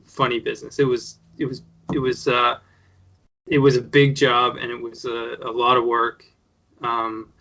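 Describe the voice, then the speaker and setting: A man in a casual interview, thinking out loud as he tells his story. His voice is bright and forceful but stays even and flat in pitch. The recording is dull and lo-fi. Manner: rambling, many fillers and restarts. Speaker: guest, show creator. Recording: dull lo-fi sound.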